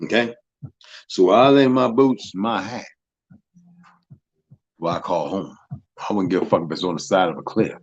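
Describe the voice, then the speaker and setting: A man hosting a live stream, telling stories in a profane, animated way that swings from loud to soft. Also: sits low, unhurried, long pauses, slightly rough, no echo, lo-fi sound. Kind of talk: casual storytelling chat.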